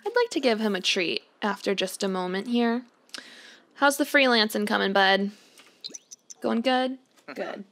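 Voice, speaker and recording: A woman's voice: medium pitch, animated, unhurried, pauses often, a bit bright. A young woman chatting through a life-sim game as host, fondly talking to the characters on screen. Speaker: let's play host. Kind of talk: gameplay commentary.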